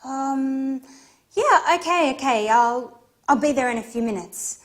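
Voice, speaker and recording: A woman's voice: sits high, unhurried. An actress playing Alice, a young woman in love, in scripted dialogue for English learners. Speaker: actress in a teaching drama.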